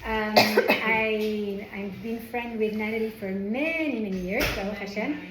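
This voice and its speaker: A Frenchwoman with a French accent teaches an informal Torah class to a small group in a classroom, speaking chattily and often correcting and restarting herself. Her mid-range voice is a little slow. The classroom has a roomy echo and a noisy background.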